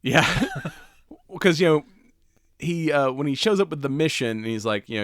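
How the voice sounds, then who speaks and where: A man co-hosting a casual podcast. His pitch swings widely as he rambles through movie plots, cursing and laughing. The sound is dry and close. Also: expressive, moderate pace, fairly bright tone, no room sound. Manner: rambling, profane, laughing retellings of movie scenes. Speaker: podcast co-host. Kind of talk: casual chat.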